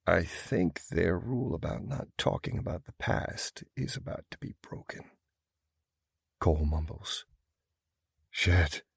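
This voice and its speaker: A man with a gravelly, husky voice reading first-person audiobook narration in a low mumble. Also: animated, measured pace, long pauses, no echo, clean studio sound, heavily acted.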